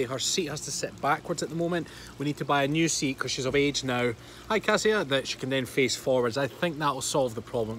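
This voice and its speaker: A man's voice: on the high side, fairly bright tone, a little hiss or hum. A Scottish man in his thirties chatting casually on a livestream from a pool on holiday, greeting viewers by name and laughing often. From Scotland. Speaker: fitness coach and livestream host. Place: by a hotel pool outdoors.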